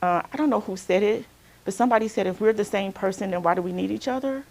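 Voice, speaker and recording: A woman's voice: mid-range voice, fast, vocal fry, darkish tone. A woman from Alabama, a counselor leading a group workshop in a casual way and checking in with "right?" again and again. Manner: conversational, keeps asking "right?". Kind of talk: workshop talk with group sharing.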